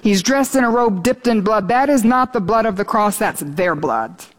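An earnest woman preacher delivering a sermon, her voice sitting at a middle pitch. She talks steadily and lifts to an exultant tone as she reads scripture. Her delivery stays fervent and sincere. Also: animated, normal speed. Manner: earnest, rising to exultant when reading scripture.

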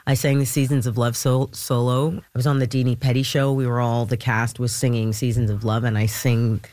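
Man, singer being interviewed, mid-pitched voice, dry studio, halting speech. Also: flat delivery, no room sound. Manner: halting, searching for words, soft laughs. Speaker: singer and stage performer. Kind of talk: casual interview.

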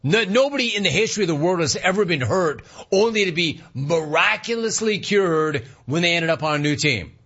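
Mocking, quick-talking male sports radio host. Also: fairly high pitch, animated, fairly bright tone, husky, muffled recording. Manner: mocking, amused, rapid-fire rhetorical questions. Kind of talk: sports talk radio monologue.

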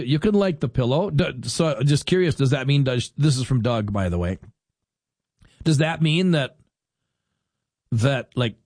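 A man's voice: mid-range voice, darkish tone, no room sound, studio quality. A man hosting a talk radio show, chatting casually and rambling as he reads listener texts aloud.

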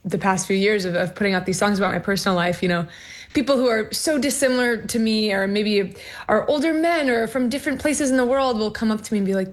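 A woman's voice: medium pitch, fast talker. Bubbly young American woman guest. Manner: bubbly, gushing, many likes and I mean. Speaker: musician guest. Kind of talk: casual interview over video call. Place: indoors in a dark room.

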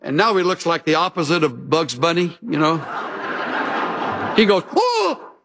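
A man preaching a sermon, telling stories with folksy humor and animated emphasis. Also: fairly high pitch, a little fast, background noise. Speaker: pastor.

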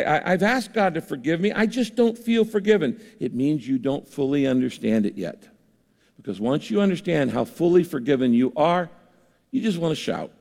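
An older male pastor preaches a sermon conversationally, acting out the voices of the people he quotes. His voice is on the high side, gravelly and darkish in tone, heard in a reverberant hall.

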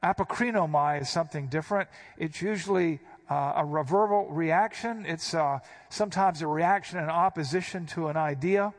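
A man's voice: fairly high pitch, moderate pace, hardly any pauses. Emphatic man teaching scripture. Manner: emphatic, repeats quoted lines with sharp stress. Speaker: preacher. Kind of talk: verse-by-verse Bible teaching.

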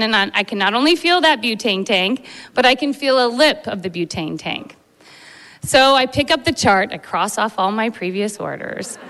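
A woman who works as an emergency medicine doctor tells a funny story, animated and laughing through it. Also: a little high, big-room sound. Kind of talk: live storytelling.

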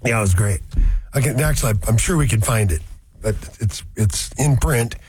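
A man's voice: mid-range voice, moderate pace, a little mellow, a little hiss or hum. A man hosting a car radio show, rambling through folksy asides in a casual chat.

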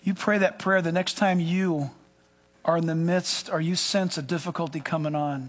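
A man preaching a sermon as a pastor, emphatic, swinging between loud declarations and hushed asides. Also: a little high, fairly even intonation, moderate pace. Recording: long hall reverb.

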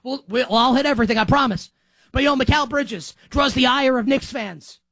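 Fired-up New sports talk host, high-pitched, bursts of shouting, dry close sound. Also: no room sound. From New York. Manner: animated, emphatic, rapid-fire repetition, frequent shouting. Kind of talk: excited sports talk monologue.

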